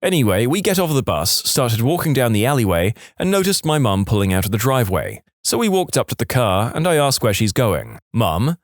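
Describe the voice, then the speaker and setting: A man narrating online stories in a scripted, expressive reading style. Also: medium pitch, a little fast, hardly any pauses, dry recording, clean studio sound. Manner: lively, expressive reading with acted quotes.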